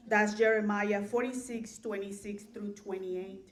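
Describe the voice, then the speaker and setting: A woman clergy member gives a sermon in a high, unhurried voice. She reads scripture in a measured cadence and repeats her key lines so they land. The room around her rings with a roomy echo. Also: animated, a little hiss or hum. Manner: slow and deliberate, repeats key lines for emphasis.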